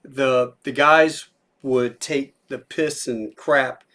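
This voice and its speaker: A man hosting a podcast, talking casually and pausing to search for words. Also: mid-range voice. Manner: relaxed, conversational, searching for words. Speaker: podcast host, military veteran. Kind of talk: casual chat.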